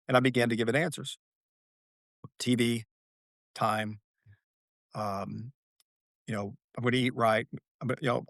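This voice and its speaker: A man's voice: medium pitch, a bit bright, no room sound, studio quality. A man, a podcast guest, speaking earnestly and telling his story with a flair for drama, repeating key phrases for weight. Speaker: guest, author and athlete. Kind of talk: reflective podcast conversation.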